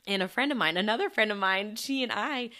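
A woman's voice: mid-range voice, a little fast, sharp tone. A young adult woman, a former teacher hosting a podcast, chatting casually and laughing often with loose, rambling restarts. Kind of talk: casual chat.

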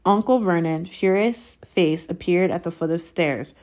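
A woman reading a novel chapter aloud in a calm, steady storytelling manner. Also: on the low side, measured pace. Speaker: audiobook reader.

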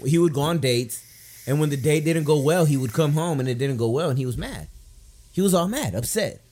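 A young man hosting a casual podcast, telling a story with lots of profanity and dropping into a low, confiding tone. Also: lively intonation, fairly quick, warm tone. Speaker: podcast host.

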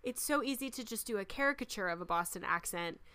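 A woman in casual chat about movies, telling stories in an animated way and acting out her own reactions. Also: medium pitch, quick pace, over a noisy crowd.

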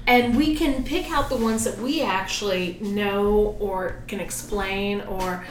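A woman's voice: mid-range voice, takes it slowly. A woman co-hosting a casual chat podcast, playful and laughing often. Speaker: podcast co-host. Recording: echoey room with some noise.

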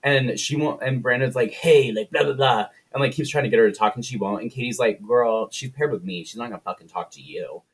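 A man's voice: medium pitch, quick pace, hardly any pauses, husky. A man co-hosting a podcast, retelling a film plot in casual, profane chat and briefly putting on voices for the characters. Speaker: podcast co-host.

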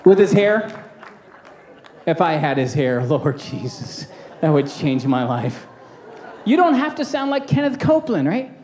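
A male pastor with a notably high-pitched voice delivers a sermon in a loose, conversational way. He jokes, throws in quick asides, and keeps calling out to the congregation. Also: very animated, a little mellow, a faint crowd, a little hiss or hum. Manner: conversational and jokey, with quick asides and audience call-outs.

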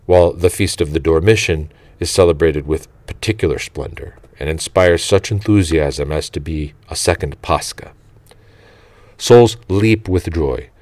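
Male reader, very deep and dry, slow and reverent, for devotional audiobook narration. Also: darkish tone, no echo. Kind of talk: reading a saint's life aloud.

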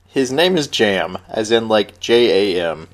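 A man's voice: on the low side, big pitch swings, unhurried. A man co-hosting a podcast, recapping an episode in casual chat with dry, detailed asides. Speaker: podcast co-host.

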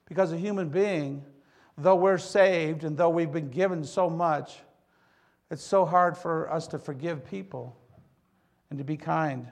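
A middle-aged man preaching a sermon with a gravelly edge and a slightly high pitch. He mixes scripture with folksy jokes about his own life and speaks straight to the congregation. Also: measured pace. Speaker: pastor.

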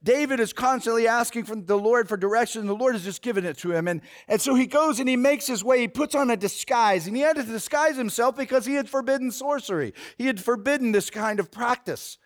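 High-voiced male preacher telling a story. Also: a little fast, few pauses. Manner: animated storytelling with fillers. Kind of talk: sermon, retelling a story.

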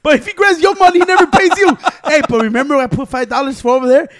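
A man with a very high voice co-hosts a loose podcast. He rants rowdily, swearing constantly, bursting into laughter and dropping Spanish words. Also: steady tone, fast, fairly bright tone. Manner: profane, rowdy ranting with bursts of laughter, drops Spanish words. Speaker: podcast co-host. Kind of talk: casual chat.

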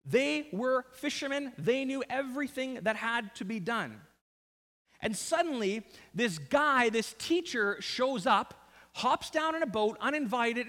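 A man with a very high-pitched voice preaches a sermon, building his retelling through emphatic, repeated phrases. His words ring out with the long reverb of a large hall. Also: animated, measured pace, a bit bright.

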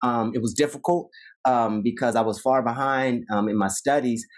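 A man in his fifties from Ohio with a Dayton accent, telling stories as an interview guest, animated and acting out quoted voices. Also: medium pitch, normal speed. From Ohio, USA. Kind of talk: casual interview storytelling.

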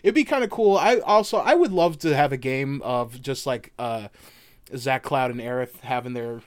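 A man's voice: mid-range voice, expressive, moderate pace, no room sound. A man co-hosting a podcast, loose and chatty, swearing casually as he breaks down a video game. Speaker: podcast co-host.

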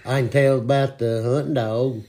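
A man's voice: medium pitch, fairly even intonation, normal speed, mellow. A man telling jokes in an easygoing way. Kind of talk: casual joke telling.

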